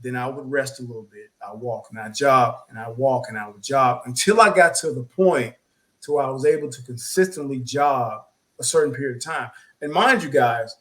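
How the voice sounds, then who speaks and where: A man co-hosting a talk show, telling a personal story in a casual, animated way, often repeating words and acting out quotes. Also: medium pitch, moderate pace, rough recording. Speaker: podcast co-host.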